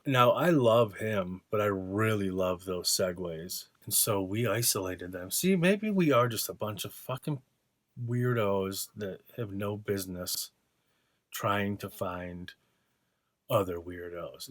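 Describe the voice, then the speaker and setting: A man's voice: lowish voice, lively intonation, unhurried, no room sound. A man vlogging from his art studio, ranting casually in a sarcastic, profane, mocking way. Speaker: vlogger and artist.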